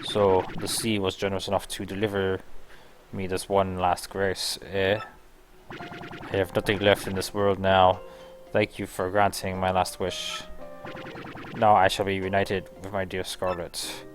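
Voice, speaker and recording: A man's voice: low voice, completely flat delivery, measured pace. A streamer voicing an old male bomb-creature sailor with pompous, old-fashioned talk, faint music behind. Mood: mournful.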